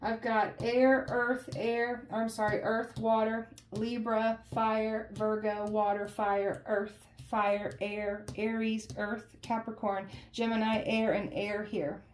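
A woman's voice: a little high, flat delivery, slow pace, few pauses, a little hiss or hum. A woman doing a casual tarot reading for viewers, talking in an emphatic, conversational way and often repeating her phrases. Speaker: tarot reader.

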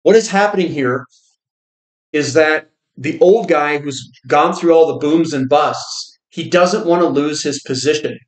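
A man hosting a finance channel, giving casual market commentary in a quick, rambling way with frequent restarts. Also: on the high side. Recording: roomy echo.

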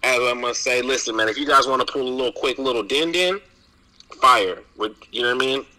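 Co-host, man, from San Jose; easygoing slang, bright tense tone. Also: mid-range voice, brisk, rough recording. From east side San Jose, US. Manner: laid-back slang, "you know what I'm saying". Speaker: podcast co-host. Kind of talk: casual podcast banter and sponsor reads.

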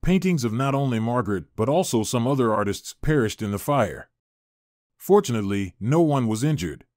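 A man reads a family drama aloud in a steady, measured way, at a middling pitch. His voice sits close and dry, with no room sound around it. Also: dry recording. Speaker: narrator. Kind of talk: scripted story narration.

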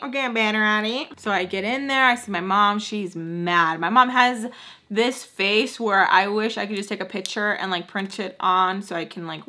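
Bright-voiced young woman telling a storytime. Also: medium pitch. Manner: casual, chatty, heavy use of "like". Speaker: beauty vlogger. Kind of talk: storytime while doing makeup.

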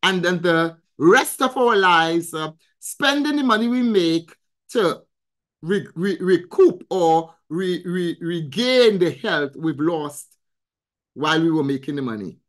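Slow, emphatic woman coach preaching. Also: fairly low pitch, animated. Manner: emphatic and preacherly, repeating phrases and calling out to viewers; reads viewer comments and answers the chat. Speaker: financial coach hosting a weekly live. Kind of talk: motivational live-stream talk.

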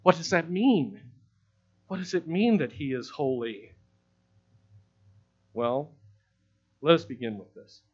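Pastor preaching with rising emphasis. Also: male voice, a little high, lively intonation, breathy edge, dull audio. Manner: emphatic preaching, builds from quiet to loud and slow; repeats words for emphasis. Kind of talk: sermon. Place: church sanctuary.

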